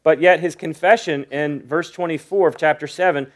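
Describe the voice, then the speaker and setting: A middle-aged man preaching a sermon, with a voice a little higher than most men. He talks earnestly and reads scripture slowly, leaning on each line. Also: fairly even intonation. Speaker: pastor.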